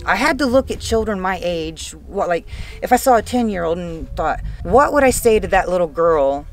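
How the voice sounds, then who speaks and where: A woman's voice: lowish voice, expressive, moderate pace, far from the mic, soft background music. A woman frankly sharing a painful life story as an interviewee, emotional and close to tears, swearing freely. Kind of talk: candid personal storytelling.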